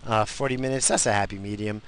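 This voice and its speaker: A man's voice: lowish voice, steady tone, quick pace, a bit bright, smooth, no echo. A man alone at the mic, worn out and rambling, swearing freely as he gripes through his podcast. His talk is loose and mock-grumpy, moving from one complaint to the next. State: tired. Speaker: podcast host. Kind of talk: casual solo podcast rant.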